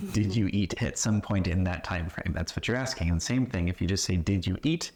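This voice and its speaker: A man teaching an English class in a relaxed, conversational way, patiently explaining with example questions and checking in often. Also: low voice, normal speed. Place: classroom or retreat room.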